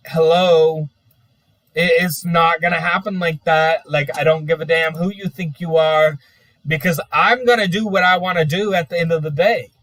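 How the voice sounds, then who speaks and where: Guy ranting and cussing, kinda high voice, sounds far from the mic but dry. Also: fairly bright tone, dry recording. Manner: profane, exasperated, repetitive. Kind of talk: ranting monologue.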